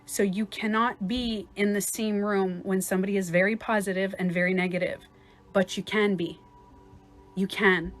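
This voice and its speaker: A woman's voice: mid-range voice, steady tone, normal speed, faint music behind. A woman life coach in a casual livestream talk, chatty and swearing at times, acting out other people's voices.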